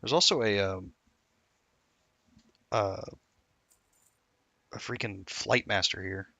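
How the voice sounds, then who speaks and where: Casual male game streamer, rambling storyteller, low gravelly voice, dry close sound. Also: slow, pushed and bright, dry recording. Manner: rambling, self-interrupting storyteller. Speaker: gameplay streamer. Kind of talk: casual gameplay commentary.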